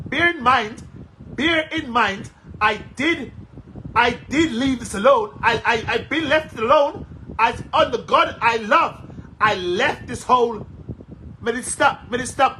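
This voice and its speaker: High, bright-voiced Jamaican man ranting. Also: slight background noise, poor audio. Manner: heated, cursing, repetitive. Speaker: social media commentator. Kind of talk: angry rant to followers.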